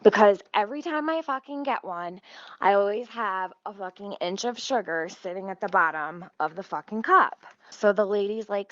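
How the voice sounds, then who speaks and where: A woman livestreamer tells a story in a loose, rambling way, swearing constantly and drifting off topic. Her voice sits at a middling pitch and sounds close and dry, with dull, low-fidelity stream audio. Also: a little slow, fairly bright tone, no echo. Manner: profane, rambling, easily sidetracked.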